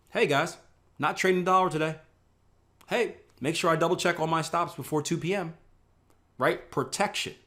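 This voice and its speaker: A man from the Northeast US teaching a live online trading class in a conversational way, often checking in with "right?" and acting out panicked traders. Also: mid-range voice. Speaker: trading instructor.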